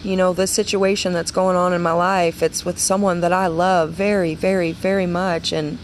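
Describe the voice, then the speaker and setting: A woman's voice: on the low side, level tone, moderate pace, slight background noise. A young woman leading a women's ministry, giving an earnest devotional talk and repeating phrases for emphasis.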